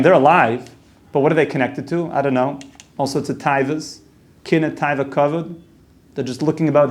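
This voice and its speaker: A man's voice: medium pitch, darkish tone. A man giving a casual, conversational Torah class, dropping Hebrew and Yiddish terms into plain talk. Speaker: yeshiva teacher.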